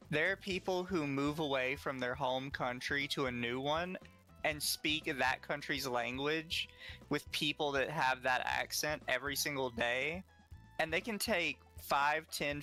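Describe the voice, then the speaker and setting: A man's voice: on the high side, sharp tone. A young adult man co-hosting a casual streamed podcast, explaining things bluntly to the chat. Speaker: podcast co-host.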